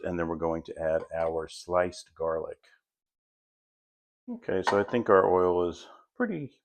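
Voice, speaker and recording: A middle-aged man with a very low voice runs a home cooking lesson. He talks slowly and easily, chatting his way through each step as he cooks. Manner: relaxed, chatty step-by-step instructions. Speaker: home cook host. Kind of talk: cooking demonstration.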